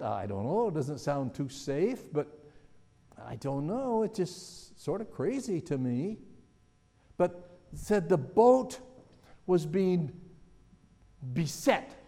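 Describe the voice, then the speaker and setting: A man preaching a sermon in a relaxed, conversational way, musing aloud and putting questions to his listeners. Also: a little high, slow, long pauses. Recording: long hall reverb.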